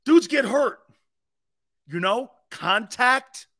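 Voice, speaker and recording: A sports-talk man with a very high, bright voice who rants slowly, mocking and shouting in bursts. He laughs at his own jokes between quieter asides. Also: lively intonation.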